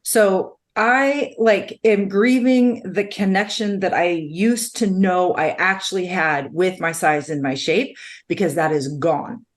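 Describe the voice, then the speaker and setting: A woman's voice: fairly low pitch, takes it slowly. A woman co-hosting a podcast, talking candidly and earnestly about her own experience, often repeating herself. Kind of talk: candid conversational podcast chat.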